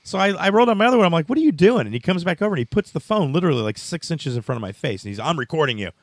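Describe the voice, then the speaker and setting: A man's voice: a little high, lively intonation, very fast, no room sound. A man telling a story in casual chat, rambling with restarts and laughing as he goes.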